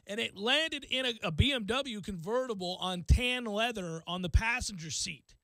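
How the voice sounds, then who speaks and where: A male radio host telling a self-deprecating story in casual talk, acting out quotes with lively energy. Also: high voice, normal speed, dry recording.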